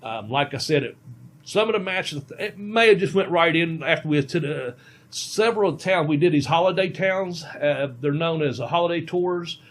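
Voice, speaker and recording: A man's voice: a little high, normal speed. A middle-aged man, a veteran pro wrestler, telling a long casual podcast story with many ums and restarts.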